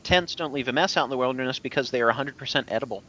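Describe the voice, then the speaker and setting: A man narrating as game master of a tabletop game, describing scenes with many fillers and pauses. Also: mid-range voice, sharp tone, slight background noise. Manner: descriptive, halting with fillers, puts on brief voices for townsfolk. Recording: dull lo-fi podcast audio.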